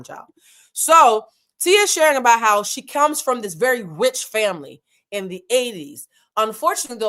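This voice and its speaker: A woman's voice: mid-range voice, a bit bright. A woman hosting a reality TV recap, chatting frankly in casual, slangy commentary. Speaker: host of a reality TV recap show.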